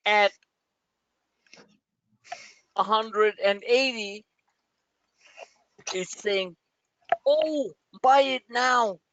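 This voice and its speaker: A man hosting a livestream of market commentary, rambling and joking in an animated way. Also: sits high, clean tone, no echo, lo-fi sound. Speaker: trading channel host.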